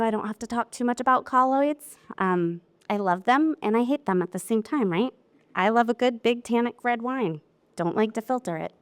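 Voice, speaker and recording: A woman giving a live technical seminar talk about winery lab work, chatty and candid with animated asides. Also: medium pitch, clear, resonant tone, no echo. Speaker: wine lab technical presenter.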